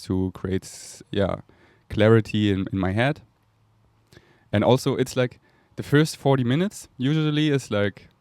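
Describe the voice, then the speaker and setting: A man's voice: fairly low pitch, a little mellow, dry recording. A man with a German accent hosting a podcast, rambling dreamily and laughing often. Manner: dreamy, rambling, laughs often, makes breathy whooshing sounds. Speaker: podcast host. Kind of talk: casual spiritual monologue.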